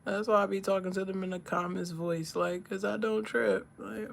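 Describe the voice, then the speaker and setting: A woman's voice: mid-range voice, fairly even intonation, moderate pace, vocal fry, slight background noise. A woman chatting casually with her livestream viewers while she does her makeup and reads comments aloud. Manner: laid-back, talks to chat, reads comments aloud. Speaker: livestream host.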